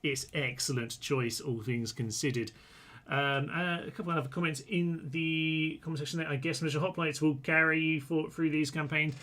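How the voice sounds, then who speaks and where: A man's voice: on the high side, fairly even intonation, moderate pace, fairly bright tone. A man commenting on a live-streamed strategy game, chatty and full of ums as he reads out and answers viewers' chat comments.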